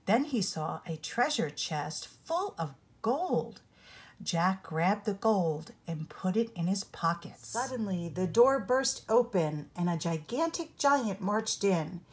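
An older woman, a grandmother, narrating a children's storybook aloud in an expressive read-along style. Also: medium pitch, slow, breathy edge. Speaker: storybook reader.

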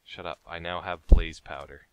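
A man hosting a casual game let's-play who is excitable and yelps and swears when attacked. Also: low voice, normal speed, clear, resonant tone, no echo. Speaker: Minecraft let's-play host. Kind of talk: casual gaming chat.

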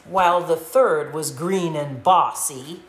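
A woman hosting a live storytime, reading a picture book aloud to children as a playful, animated storyteller. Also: deep voice, slow. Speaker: storytime host and mother. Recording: echoey room with faint hiss.

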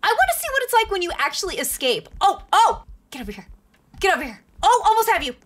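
A woman giving bubbly, excitable commentary while playing a video game, gasping and squealing as she reacts. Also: extremely high pitch, quick pace. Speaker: gaming video host.

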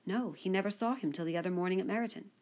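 A woman reading the lines of a gentle, sweet-tempered young woman who speaks earnestly in an audiobook. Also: medium pitch, rapid-fire, natural voice.

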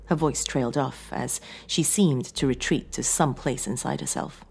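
A woman narrating a horror story with an expressive storytelling delivery. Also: rumbling low, normal speed, gravelly, few pauses, breathy edge.

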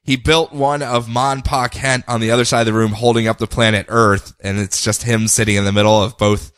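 A man's voice: medium pitch, flat delivery, fairly quick, a bit bright, clean tone, dry recording, clean studio sound. A man co-hosting a podcast, recapping a comic in a playful, chatty storytelling manner. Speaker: podcast co-host. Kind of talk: casual comic book recap.

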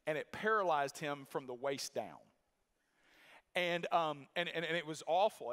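A man with a fairly high voice preaching in a church, full of emphatic repetition and storytelling. His voice rings with the long echo of a large hall. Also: a bit bright. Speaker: pastor. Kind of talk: sermon. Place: church sanctuary.

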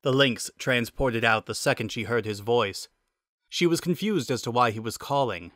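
A man reading a fan-fiction story aloud in steady dramatic narration. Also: mid-range voice, moderate pace, dry recording, studio quality.

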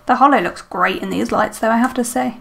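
A planner vlogger with a slightly high, brisk voice and some vocal fry chats casually to herself while decorating her planner. It's a relaxed plan-with-me session, full of ums and little questions.

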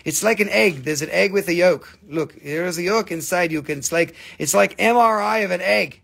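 A man runs a live sales stream for rocks and crystals, full of jokes, swearing and banter with viewers. His voice sits high for a man and has a gravelly, fried edge. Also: fairly bright tone. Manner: playful, joking, swearing, rapid banter.

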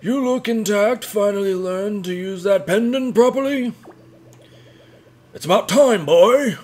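A man voicing a gruff, stern old village elder in a strained, high old-man voice over faint game music. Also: a little slow, a little mellow.

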